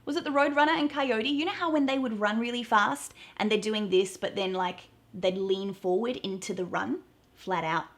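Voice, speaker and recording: A woman's voice: medium pitch, moderate pace. A woman from Australia with an Australian accent, explaining slang phrases in a playful, cheerful way and acting out examples. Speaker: accent coach.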